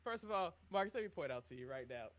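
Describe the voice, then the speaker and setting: Man, podcast co-host, ranting, mocking, bright lively voice. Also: fairly high pitch, fast talker. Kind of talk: casual wrestling chat.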